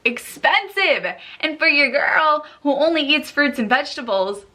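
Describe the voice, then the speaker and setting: Bright-voiced young American woman vlogging. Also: sits high, unhurried. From United States. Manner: chatty, animated storytelling, says "like" often. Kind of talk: casual to-camera chat.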